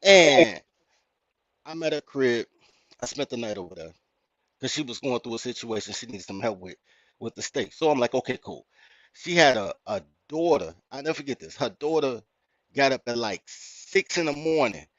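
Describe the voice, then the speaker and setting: A man with a Chicago accent, hosting a podcast and telling a story in a blunt, profane, animated rant. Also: mid-range voice, normal speed, no echo. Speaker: podcast host. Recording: dry, muffled lo-fi audio.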